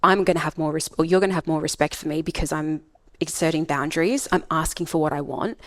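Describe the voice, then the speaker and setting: Australian woman, speaking coach, lowish pitch, dry studio sound, emphatic. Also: fast, no room sound. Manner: emphatic, acts out example voices. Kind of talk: podcast interview.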